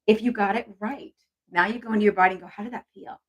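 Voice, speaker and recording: A woman's voice: mid-range voice, quick pace, slightly rough, rough recording. A woman hosting a casual live stream on intuition, chatty and encouraging as she reads viewer comments aloud.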